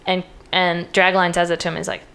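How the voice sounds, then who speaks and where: A woman's voice: lowish voice, flat delivery, a little fast, vocal fry, a bit bright. A woman casually retelling a film's plot, peppering her speech with "like" and briefly acting out the characters' lines. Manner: chatty, uses lots of "like", acts out quoted lines.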